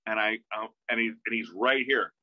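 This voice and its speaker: A man, a musician guest in a casual interview, telling an animated story that acts out quoted dialogue, with many restarts, heard over a video call. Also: on the low side, normal speed, no echo. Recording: dull, dry video-call audio.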